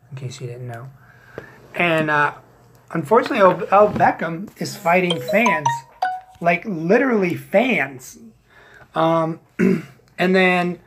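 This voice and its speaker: A man's voice: on the high side, fairly bright tone. A man hosting a casual fantasy football league recap, joking and teasing with plenty of swearing.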